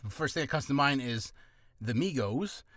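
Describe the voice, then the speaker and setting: Rambling jokey guy with a lively voice. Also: medium pitch, normal speed, no room sound, studio quality. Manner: rambling, jokey, self-deprecating. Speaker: hobby voice actor and vlogger. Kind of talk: casual vlog talk. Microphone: studio mic with audio interface.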